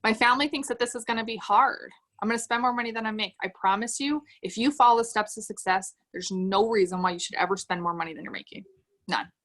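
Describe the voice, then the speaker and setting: This direct-sales team leader talks fast in a slightly bright, high-leaning voice. She's livestreaming a cheerful motivational speech to her sales team while reading viewers' chat messages aloud.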